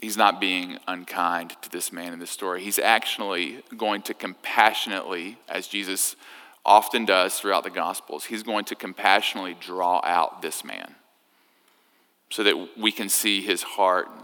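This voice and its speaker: A man preaching a sermon, telling a story in a conversational, animated way. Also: sits low, normal speed. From United States. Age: 30s. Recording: echoey hall.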